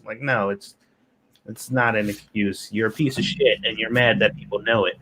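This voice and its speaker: A man telling a story in casual podcast chat, animated and exasperated with lots of swearing. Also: lowish voice, normal speed. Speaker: podcast co-host.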